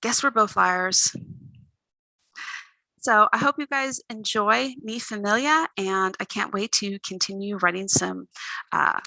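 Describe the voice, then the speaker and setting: Woman author, gravelly reading voice, very bright, expressive first-person narration. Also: mid-range voice, a little slow, no echo, rough recording. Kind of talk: reading her own novel aloud.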